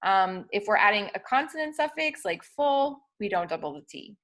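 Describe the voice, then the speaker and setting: A young woman walks through spelling rules in a steady, patient teaching voice. She pauses often with ums and corrects herself along the way, and her pitch sits in a middle range. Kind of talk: instructional explanation of spelling rules.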